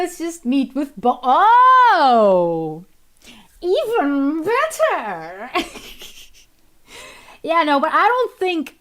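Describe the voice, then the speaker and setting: Woman, casual streamer chat, slightly high voice, unhurried, rambling with restarts. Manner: rambling, restarts often, laughs easily, switches to Portuguese. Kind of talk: casual chat while worldbuilding.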